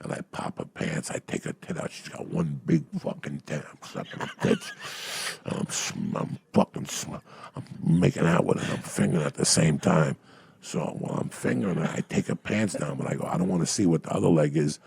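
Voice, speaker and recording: A man, a comedian on a podcast, telling profane stories in a loud, crude, rowdy way with a gravelly voice. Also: extremely low pitch, big pitch swings, fairly quick. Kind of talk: profane storytelling.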